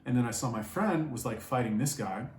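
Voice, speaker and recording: Young man, rambling, swearing, middle pitch, echoey. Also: a little fast. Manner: profane, rambling, filler-heavy. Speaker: vlogger. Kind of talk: casual storytelling. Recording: echoey room, faint background noise.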